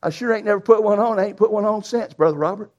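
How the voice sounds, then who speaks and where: A preacher who tells a folksy, animated story in a sermon. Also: male voice, sits high, fast talker. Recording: dull lo-fi sound.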